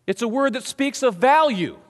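A man preaching a sermon, animated and conversational, swinging from hushed asides to booming emphasis. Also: normal speed. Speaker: pastor. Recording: long hall reverb.

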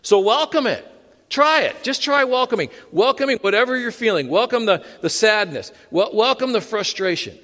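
A man's voice: high voice, lively intonation, moderate pace, a bit bright. A man preaching a sermon as a pastor, conversational and self-deprecating, often laughing at himself. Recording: long hall reverb.

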